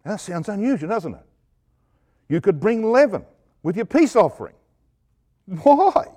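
A middle-aged man preaching a Bible exposition sermon, emphatic, asking rhetorical questions and swinging from loud stresses to hushed asides. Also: high-pitched, sing-song, a little slow.

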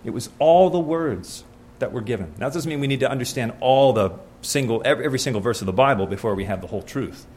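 A male preacher, neither high nor low in pitch, teaching from scripture in a conversational sermon. He keeps putting questions to his congregation and answers them himself in an earnest, friendly tone. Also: animated, fast, hardly any pauses, darkish tone, slight background noise.

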